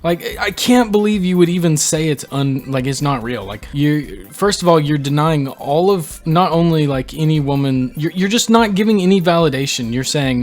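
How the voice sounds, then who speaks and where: A young man hosting a reaction video, reading posts aloud and reacting with animated disbelief. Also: on the high side, moderate pace, hardly any pauses, soft background music. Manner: incredulous, animated, reads quotes aloud and reacts. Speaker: channel host reading posts. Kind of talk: reaction commentary.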